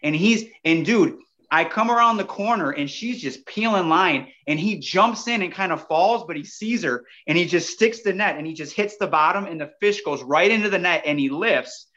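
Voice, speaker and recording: A man with a slightly high voice tells a story as a podcast guest, animated and chatty. He keeps turning to the listeners directly. The audio sounds dull and lo-fi. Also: normal speed. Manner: animated, addresses listeners as "you guys". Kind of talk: casual storytelling.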